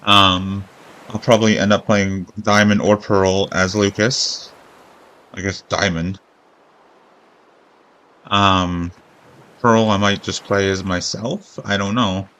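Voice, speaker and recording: A man's voice: on the low side, flat delivery, slow pace, pauses often, a bit bright, poor audio. A man streaming a video game, rambling in casual commentary with sarcastic jokes and frequent swearing.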